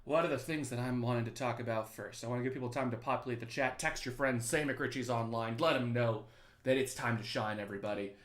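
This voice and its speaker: Young male teacher, relaxed livestream banter, medium pitch, echoey apartment room. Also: fast talker. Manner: chatty, joking, reads chat aloud. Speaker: teacher hosting a review livestream. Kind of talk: casual livestream chat to students. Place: his apartment.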